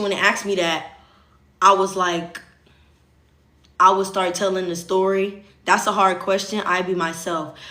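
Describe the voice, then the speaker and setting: A woman's voice: mid-range voice, sharp tone. A young woman from the States, chatting casually and rambling to her livestream viewers, talking straight to them. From Southern United States. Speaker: streamer. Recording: roomy echo.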